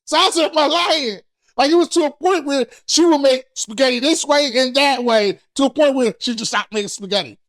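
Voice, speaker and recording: A man's voice: very high voice, a little fast, few pauses, no room sound. Brief: male podcast co-host, blunt storyteller, dry studio sound. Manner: blunt, candid storytelling, rising loud when acting out arguments. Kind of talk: casual chat.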